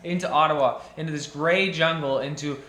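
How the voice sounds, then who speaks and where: A man's voice: on the high side, a little fast, sharp tone, roomy sound. A young man, a jeweller, giving an impassioned monologue to camera, ranting with emphatic repetition and frequent restarts.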